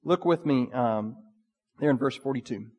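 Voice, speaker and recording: A man preaching a sermon in a conversational, animated way. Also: medium pitch, normal speed. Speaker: pastor. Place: church sanctuary. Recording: long reverb of a church hall.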